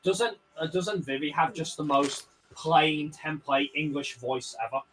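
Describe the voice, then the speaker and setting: A man's voice: on the high side, a little slow, fairly bright tone, a little hiss or hum, rough recording. Man, Birmingham accent, casual podcast host, rambling, lots of ums, desk mic at home. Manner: rambling, many fillers and restarts. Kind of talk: casual chat. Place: home room shared with partner.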